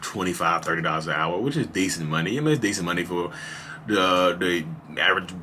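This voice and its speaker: Low-pitched, brisk and sharp, this thirties podcast host shares personal stories candidly, leaning heavily on "you know." Some slight background noise can be heard.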